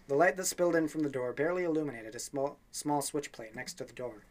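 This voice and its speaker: A man's voice: on the high side, fast, hardly any pauses, a little hiss or hum. A young man reading a game's story text aloud for a let's play, with offhand asides and small slips.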